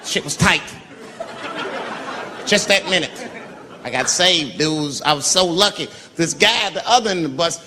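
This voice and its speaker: A male stand-up comedian telling a profane, animated story with acted-out voices, on a live stage before an audience. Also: high-pitched, normal speed. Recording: live hall, crowd and noise. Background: audience laughter.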